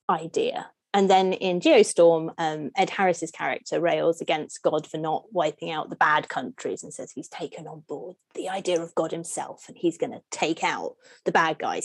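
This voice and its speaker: A woman scholar speaking as a podcast guest, explaining at length. She talks in an animated way, leaps up in pitch when joking, and asks strings of rhetorical questions. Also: vocal fry, slightly rough, no room sound. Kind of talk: podcast interview.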